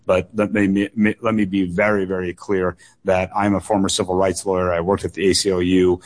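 Guy running for office talking on a radio call-in, kinda low voice, earnest, lots of uhs and repeats. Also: little pitch movement. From United States. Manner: earnest, measured, frequent fillers and repeated words. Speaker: political candidate. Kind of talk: call-in radio interview answers.

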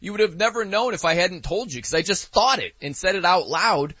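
A man's voice: high-pitched, animated, fairly quick, sharp tone, slightly rough, dry recording, dull audio. A man hosting a sports betting talk show, chatting casually and animatedly, acting out quotes with laughs.

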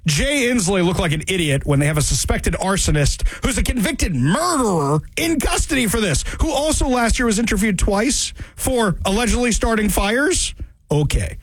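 A male talk radio host giving sarcastic, animated political commentary and hammering points home by repeating them. His voice runs high and swings widely in pitch. The sound is dry and close. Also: normal speed, slightly rough, no room sound.

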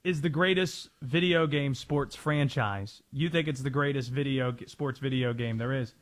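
A man's voice: mid-range voice, moderate pace. A man hosting a sports talk show, arguing his opinions assertively and taking callers. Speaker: sports radio host.

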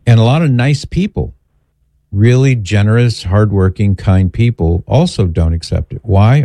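A man's voice: on the low side, lively intonation, moderate pace, warm tone, no echo. A man earnestly explaining scripture in a conversational teaching style, quoting passages at length as he answers a question. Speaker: Catholic apologist answering questions.

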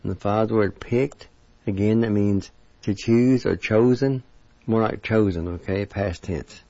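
A man teaching vocabulary on a radio language lesson, sounding out each word syllable by syllable in slow drills. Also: on the low side, dark tone, no room sound, dull audio.

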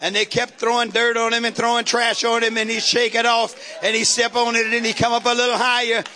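A man's voice: extremely high pitch, monotone, brisk, bright, forceful tone. A man preaching a sermon, calling out to the congregation and building up rhythmic repeated lines. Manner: call-and-response preaching, rhythmic repetition. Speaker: pastor.

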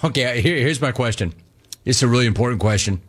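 A man hosting a sports call-in radio show riffs energetically in slangy, casual language. His medium-pitched voice moves quickly with lively intonation.

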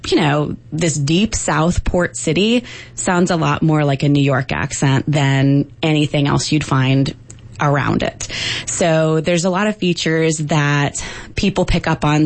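A woman in her thirties, a linguistics professor, explaining things fluently in an interview with a few fillers. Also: deep voice.

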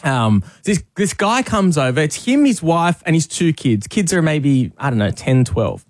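A man co-hosting a radio show, telling an animated story and laughing often. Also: on the high side, normal speed, no echo. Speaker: radio co-host.

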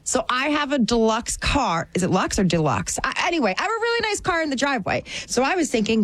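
A woman's voice: high-pitched, big pitch swings, fast talker, few pauses, fairly bright tone, dry recording. A woman co-hosting a radio show, chatting casually in a playful, self-amused way and laughing often. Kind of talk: casual chat.

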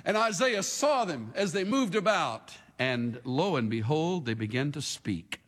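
A male pastor preaching a sermon, swinging between hushed asides and shouts, leading the congregation in a call-and-response. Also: fairly high pitch, very animated, measured pace, in a large hall.

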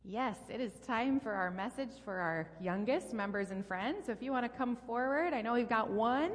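A woman's voice: a little high, expressive, moderate pace. A woman pastor reading a storybook aloud to a child in a church, with playful sound effects. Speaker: pastor leading a children's message. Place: church sanctuary. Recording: long reverb in a large hall.

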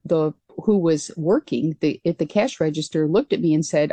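A woman guest on a radio interview recalls her time as a military pilot in an earnest, reflective way. Her voice sits fairly low with a soft, mellow tone. The sound is close and dry. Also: moderate pace, husky, no echo.

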